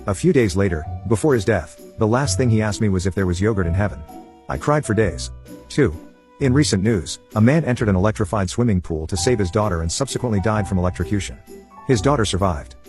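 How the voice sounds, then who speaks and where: A man narrating online stories in an even, unhurried reading voice. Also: fairly low pitch, faint music behind.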